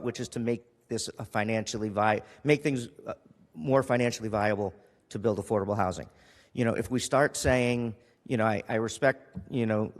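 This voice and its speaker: A man's voice: medium pitch, in a large hall. Emotional man pleading at a council meeting. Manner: emotional, pleading, with restarts and repetition. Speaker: city councilor. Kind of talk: impassioned council meeting speech. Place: council chamber.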